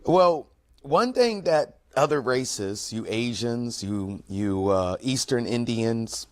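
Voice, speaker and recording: A man's voice: medium pitch, animated, takes it slowly. Earnest man hosting a commentary show. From United States. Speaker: host. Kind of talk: casual commentary talk.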